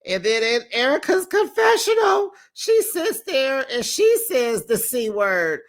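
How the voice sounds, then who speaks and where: A reality TV recap host with a high-pitched voice talks a little slowly, offering casual, sassy commentary. She is animated and laughs often, slipping into put-on voices for quoted lines as she retells scenes.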